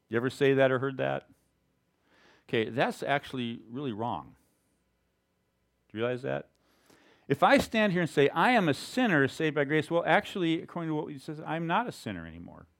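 A male pastor giving a conversational, emphatic sermon. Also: mid-range voice.

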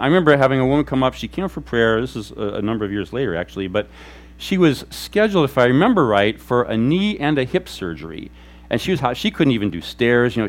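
A man preaching a sermon as a pastor, telling stories in an animated way and acting out quoted voices. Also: on the high side. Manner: animated storytelling, acts out quotes. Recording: faint mains hum.

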